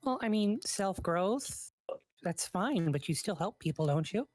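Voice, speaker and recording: A woman's voice: medium pitch, expressive, measured pace, a little mellow, dry recording. A woman chatting in character during a live role-play, reassuring another character and narrating her own actions as she goes.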